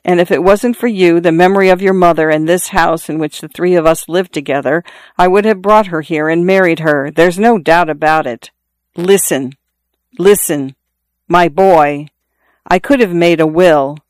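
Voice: medium pitch, no room sound, natural voice. A narrator voicing a wounded middle-aged father who confides to his son in an insistent, repetitive way, short of breath. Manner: confiding, insistent, repeating himself. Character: dying middle-aged farmer father, earnest.

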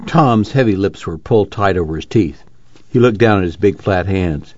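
A man reading an audiobook aloud in a steady storytelling manner. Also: sits low, moderate pace, dull audio. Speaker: audiobook reader. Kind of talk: scripted narration.

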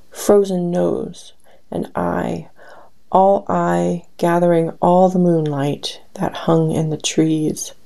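A woman reading her poems aloud in a slow, measured recitation with pauses between lines. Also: fairly low pitch, creaky, dark tone, poor audio. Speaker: poetry reader.

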